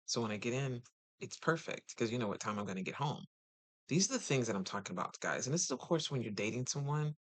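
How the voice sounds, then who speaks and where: A man's voice: expressive, fast, a bit bright, no room sound. A man talking casually to viewers as a relationship coach, chatty and full of rhetorical questions. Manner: chatty, rhetorical questions, sudden pitch jumps.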